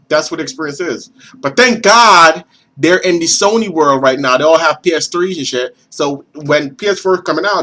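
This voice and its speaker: A young man ranting excitedly to his viewers as a gaming vlogger, animated and swearing, with lots of stumbling restarts. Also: medium pitch. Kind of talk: excited rant to camera.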